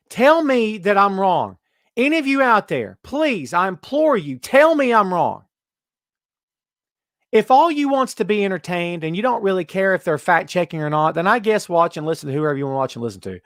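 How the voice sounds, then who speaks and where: A man's voice: high voice, sing-song, normal speed, a bit bright, no room sound, studio quality. A man hosting a wrestling podcast, ranting emphatically and repeating himself, then answering chat questions casually. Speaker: podcast host.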